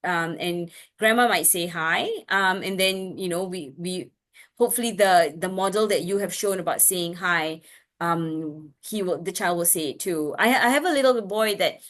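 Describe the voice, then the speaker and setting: A woman's voice: on the low side, moderate pace. A woman speech expert in a video-call webinar, answering parents' questions in an earnest way, often restarting and checking in with "right?". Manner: acts out parent-child exchanges in a brighter voice.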